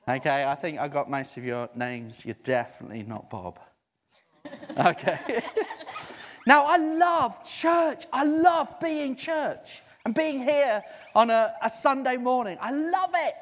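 A man preaching a conversational sermon in a church hall, lively and emphatic. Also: very high-pitched, measured pace, slight background noise. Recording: echoey hall.

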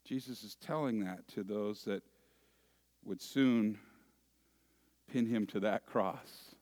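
A man preaching a sermon, deliberate, lifting key phrases with emphasis and dropping into quiet asides. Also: lowish voice. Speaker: pastor.

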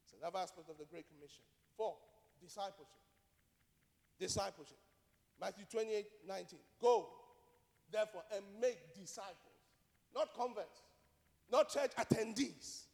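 High-voiced preacher in a reverberant hall. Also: male voice, moderate pace, creaky, long pauses, darkish tone. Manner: emphatic, repeats key phrases, rhetorical questions. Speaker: pastor. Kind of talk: sermon.

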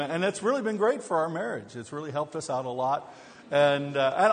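A man preaching a sermon as pastor, telling funny self-deprecating stories before turning to scripture. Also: a little high. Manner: humorous storytelling with self-deprecating jokes. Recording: long hall reverb.

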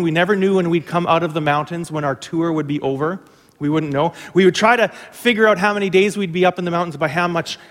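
Man telling funny stories in an echoing hall. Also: on the high side. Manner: humorous, self-mocking storyteller. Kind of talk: storytelling sermon.

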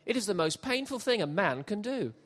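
A middle-aged man preaching a sermon, jokey and animated, shifting from quiet asides to loud shouts. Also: high-pitched, brisk. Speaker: pastor. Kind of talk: sermon with comic storytelling. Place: church hall with congregation.

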